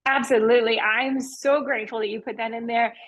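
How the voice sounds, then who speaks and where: A woman's voice: on the high side, fairly even intonation, brisk, slight background noise, poor audio. A woman hosting a podcast interview, enthusiastic and encouraging toward her guest. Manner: enthusiastic and encouraging, full of praise. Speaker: podcast host and real estate agent. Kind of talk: interview conversation.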